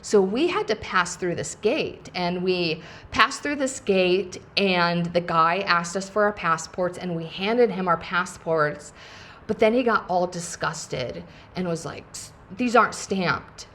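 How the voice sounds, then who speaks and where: A woman's voice: lowish voice, measured pace, fairly bright tone, a little hiss or hum. Chatty woman telling a travel story. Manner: chatty, many "like" fillers, acts out quotes. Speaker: podcast host and coach. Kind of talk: casual storytelling.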